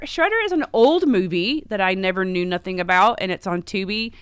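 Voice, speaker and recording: A woman hosting a casual live stream, chatty and rambling, full of fillers and quick self-corrections. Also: medium pitch, animated, clean tone, no room sound, clean studio sound. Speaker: livestream host. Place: home in Las Vegas.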